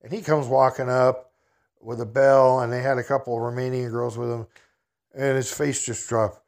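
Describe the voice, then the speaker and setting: A man's voice: medium pitch, steady tone, normal speed, darkish tone. A man telling a casual personal anecdote in a folksy, rambling way, chuckling at his own story.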